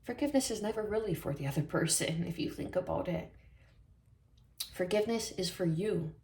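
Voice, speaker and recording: A woman giving a spiritual tarot reading in a soft, reflective way, often repeating phrases for emphasis. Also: lowish voice, expressive, a little fast, roomy sound. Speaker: tarot reader.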